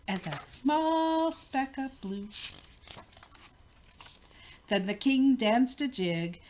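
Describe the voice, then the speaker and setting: An older woman, a grandmother, reading a rhyming picture book aloud in a rhythmic, expressive way. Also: high voice. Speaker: storybook reader.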